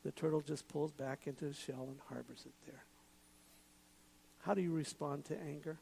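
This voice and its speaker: A man giving a sermon in a relaxed, conversational way, with jokes and asides. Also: a little high, moderate pace, gravelly, slight background noise, poor audio. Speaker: pastor.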